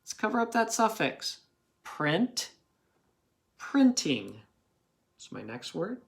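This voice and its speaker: Brief: male grade-school teacher, unhurried and patient, coaxing kids along with questions. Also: high-pitched, huge pitch swings, creaky. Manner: patient, checks in with frequent "okay?" and questions to young listeners. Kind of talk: recorded phonics review lesson.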